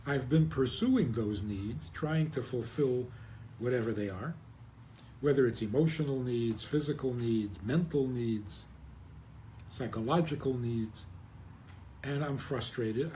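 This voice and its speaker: A man's voice: mid-range voice, unhurried, mellow, slight background noise. A man, a rabbi, giving a conversational religious talk with wry humor, rhetorical questions and frequent chuckles.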